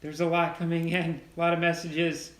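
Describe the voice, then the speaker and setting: A young man hosting a casual farm livestream, upbeat and quick as he thanks donors by name. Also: on the high side, completely flat delivery. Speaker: channel host reading donations. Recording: roomy echo.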